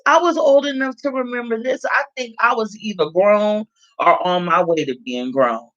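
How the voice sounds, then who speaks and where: A woman's voice: medium pitch, a bit bright, lo-fi sound. A woman from California giving a blunt, heavily profane commentary rant and repeating her points for emphasis. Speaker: vlogger.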